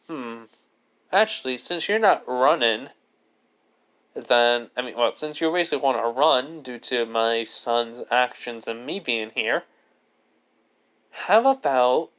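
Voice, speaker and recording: A self-assured ninja swordswoman and mother, played by a man speaks in a smooth, clear voice. She rambles through her offer with fillers and restarts, barely set apart from a plain storyteller's voice. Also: medium pitch, fairly bright tone.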